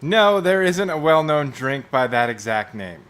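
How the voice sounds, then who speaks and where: A bright-voiced man whose pitch jumps around a lot as he talks. His voice sits a bit high. He keeps teasing the others with crude jokes in a loose podcast chat. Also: sing-song, measured pace, clear, resonant tone. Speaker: podcast co-host.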